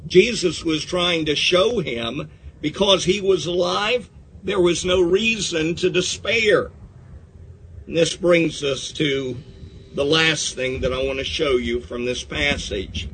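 A man's voice: on the high side, slow pace, fairly bright tone, a little hiss or hum. A man preaching a sermon in an earnest way, reading scripture aloud and talking straight to his listeners. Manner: earnest preaching, reads scripture aloud in old-fashioned wording. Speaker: pastor.

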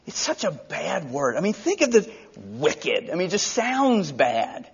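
A man's voice: a little high, wildly swooping pitch, measured pace, creaky, slightly rough, lo-fi sound. A man preaching an expository Bible teaching in a conversational way, briefly acting out the characters' lines.

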